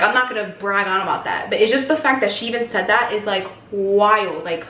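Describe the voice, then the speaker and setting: A woman in her twenties telling a personal story in a casual vlog, animated and acting out the voices of people she quotes. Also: medium pitch, a little fast. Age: 20s. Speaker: vlogger. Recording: echoey room with background music.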